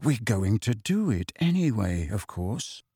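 A man's voice: animated, a little slow, dry recording, clean studio sound. Harry, a man voicing a terse teen wizard. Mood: quiet. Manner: low, clipped and terse. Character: tense, angry teenage boy wizard, low-spoken.

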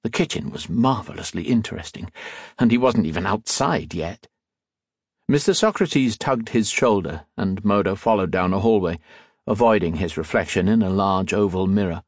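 A man reading a novel aloud as an audiobook narrator, with expressive storytelling. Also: sits low, moderate pace, breathy edge, no echo, studio quality. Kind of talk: scripted narration.

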